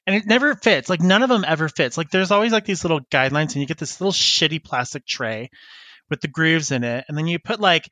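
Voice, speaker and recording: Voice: mid-range voice, lively intonation, fast, bright, forceful tone, no echo. A podcast co-host chatting casually, rambling and giggling with many fillers. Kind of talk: casual chat.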